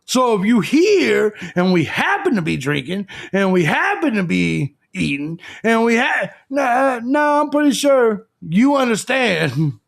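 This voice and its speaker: A man's voice: high voice, sing-song, a little slow, vocal fry, few pauses. A man hosting a live stream, ranting crudely and combatively as he lectures his audience. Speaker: live show host.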